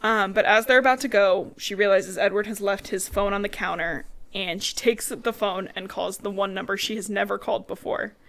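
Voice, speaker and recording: A woman's voice: medium pitch, steady tone, moderate pace, gravelly, hardly any pauses, a bit bright. A young woman co-hosting a podcast, recapping a book in casual chat, swearing freely and acting out characters' lines. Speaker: podcast co-host.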